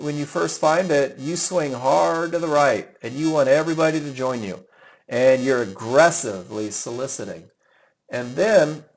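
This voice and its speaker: A middle-aged trading instructor runs a live webinar, chatty and enthusiastic, calling out students by name while reviewing their trades. His voice is medium in pitch, and the audio quality is poor.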